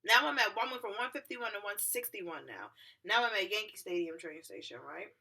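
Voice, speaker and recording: A young woman tells a story straight to her camera in a loose, casual vlog. Her voice is bright and forceful, and she acts out every person she met along the way. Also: medium pitch, expressive, a little fast, gravelly, breathy edge. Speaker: vlogger.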